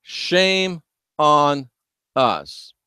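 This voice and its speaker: Male host, slightly high voice, shouts emphatically while chatting with a live audience. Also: expressive, drawn-out words, clean tone, dry recording, clean studio sound. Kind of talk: livestream talk reading viewer chat.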